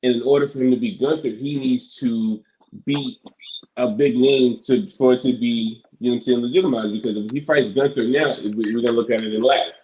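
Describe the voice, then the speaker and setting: A man co-hosting a casual talk show, halting with many restarts. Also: mid-range voice, fairly even intonation, a little mellow, lo-fi sound, a little hiss or hum. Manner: halting, many restarts, "you know what I'm saying". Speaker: podcast co-host. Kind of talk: casual chat.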